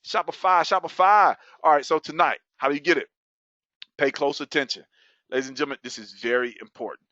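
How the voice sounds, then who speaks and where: A man hosting a webinar and giving an excited sales pitch, whooping and laughing between offers. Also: a little fast, dry recording. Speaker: webinar host. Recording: dull lo-fi dry sound.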